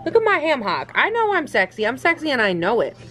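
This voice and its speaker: A woman voicing her smug pet dog, which boasts about how cute and sexy it is, in a higher voice than her own. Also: wildly swooping pitch, fast talker, bright, forceful tone, soft background music, heavily acted. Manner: boastful, preening.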